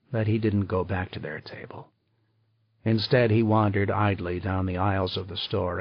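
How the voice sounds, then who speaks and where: A male audiobook narrator with a low, gravelly, husky voice reads in a measured, unhurried way. The recording is dry and somewhat dull, with no room around it. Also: no room sound. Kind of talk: scripted narration.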